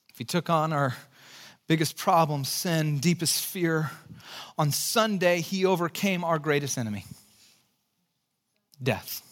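High-voiced pastor preaching a sermon. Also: male voice, measured pace, long pauses, a bit bright. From California, United States. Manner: earnest, storytelling, with dry jokes.

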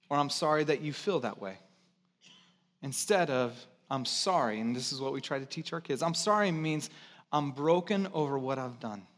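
High-voiced man preaching with sweeping intensity. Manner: impassioned preaching, swinging from loud and high to hushed and low; repeats phrases for emphasis, draws drawn-out quotes. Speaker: pastor. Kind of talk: sermon.

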